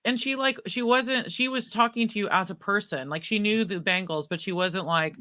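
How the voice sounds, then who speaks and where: A woman hosting a live book talk, chatting in an excitable, rambling way with many restarts. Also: mid-range voice, moderate pace. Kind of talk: casual live-streamed conversation.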